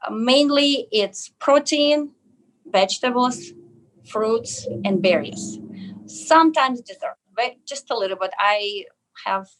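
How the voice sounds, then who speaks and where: A woman from Russia with a Russian accent, a wellness clinic pharmacist answering interview questions earnestly, often pausing on "uh" and "um". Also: on the high side, animated, a bit bright, a little hiss or hum. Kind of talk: casual interview.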